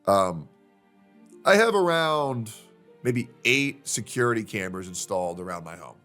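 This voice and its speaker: A man telling a personal story to his stream in a casual, unhurried way, with many fillers. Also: fairly low pitch, expressive, fairly bright tone, soft background music. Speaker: streamer in a played clip.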